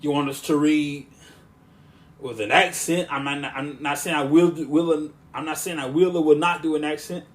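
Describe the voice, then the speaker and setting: A podcast host with a slightly high, smooth voice that stays monotone and relaxing. He rambles casually, breaking off and restarting sentences as he goes. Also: normal speed. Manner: rambling, with frequent restarts and asides.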